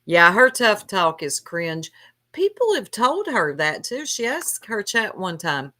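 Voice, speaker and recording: A woman's voice: medium pitch, very animated, slow, sharp tone. A woman hosting a casual gossip chat, laughing often and reading chat names aloud. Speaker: stream host.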